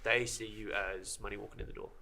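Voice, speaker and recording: A man's voice: fairly low pitch, flat delivery, pushed and bright, slight background noise. A man, a strength and conditioning coach, talking casually on a podcast with frequent fillers and restarts. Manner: halting, many restarts and fillers.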